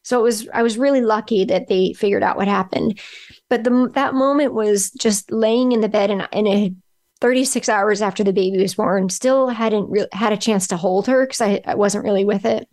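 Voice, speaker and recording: A middle-aged woman, a podcast guest, telling a personal story in a halting way, often restarting and searching for words. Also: medium pitch, a little mellow.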